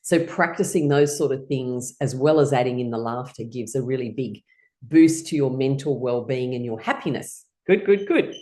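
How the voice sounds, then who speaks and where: A middle-aged woman leading an online laughter yoga class, cheerful and encouraging, quick to break into laughter. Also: very deep voice, mellow.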